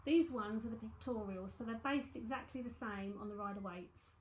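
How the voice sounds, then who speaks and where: A woman's voice: fairly high pitch, moderate pace, a little mellow, slight background noise. A woman in her forties with a South London accent, giving a live psychic reading and chatting breezily with viewers, full of asides and fillers. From South London, England. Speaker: psychic medium and tarot reader. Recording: echoey room.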